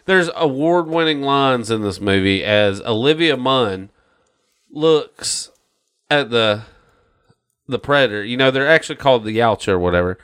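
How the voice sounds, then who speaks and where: A man's voice: mid-range voice, lively intonation, normal speed, a bit bright, clean tone. A man on a casual podcast, ranting about a movie with heavy swearing and mocking quotes. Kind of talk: casual chat.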